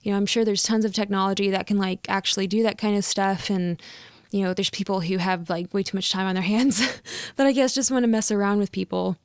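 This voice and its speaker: A woman's voice: mid-range voice, fairly even intonation, fairly quick, clean tone, dry recording, studio quality. A young woman, a real estate agent, telling a story in a casual vlog, chatty with lots of fillers and frequent laughs.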